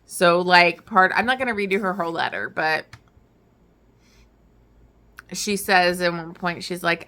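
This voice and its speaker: A woman's voice: fairly low pitch, measured pace, pauses often, bright, forceful tone. A young woman talking casually about a book she just read, in a chatty way full of "like" and "um". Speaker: book vlogger. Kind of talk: casual book review chat.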